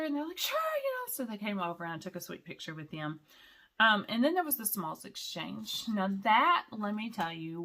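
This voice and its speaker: A woman's voice: mid-range voice, a bit bright. A woman, chatting casually and enthusiastically as a cross-stitch vlogger, rambling from one story to the next. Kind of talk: casual chat.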